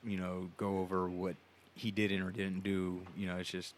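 A man's voice: low-pitched, completely flat delivery, moderate pace. A man co-hosting a casual podcast chat, rambling and crude, with many fillers and restarts.

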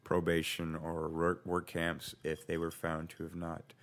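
Man, deep voice, jokey casual podcast banter. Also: monotone, a little slow, a bit bright. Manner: joking, laughs at his own puns. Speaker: podcast co-host. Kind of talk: casual chat.

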